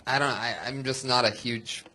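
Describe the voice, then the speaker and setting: A man hosting a live comedy show in a venue, giving quick, joking notes to comics between laughs. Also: mid-range voice, steady tone, pushed and bright, slight background noise. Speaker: host.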